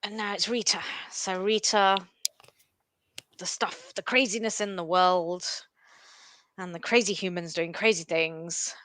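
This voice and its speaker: A woman's voice: lowish voice, steady tone, unhurried, a bit bright, dry recording. A woman co-hosting a casual podcast chat, earnest and reflective, repeating phrases for emphasis. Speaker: podcast co-host.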